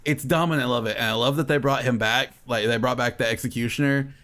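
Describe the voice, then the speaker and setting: A man co-hosting a casual podcast through a headset, rambling and swearing, often trailing off quietly. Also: medium pitch, fairly even intonation, fast talker. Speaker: podcast co-host. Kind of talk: casual chat.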